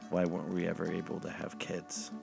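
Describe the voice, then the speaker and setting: A man's voice: low voice, completely flat delivery, fairly quick, creaky, over music. A man voicing a bitter, scornful woman who is married to the narrator. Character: bitter, huge candy-addicted wife.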